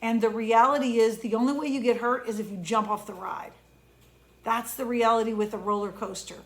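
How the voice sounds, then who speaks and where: Earnest high-voiced woman giving a pep talk. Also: steady tone. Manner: earnest, conversational, slows down to stress key words. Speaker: host and emotion coach. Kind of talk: motivational pep talk monologue.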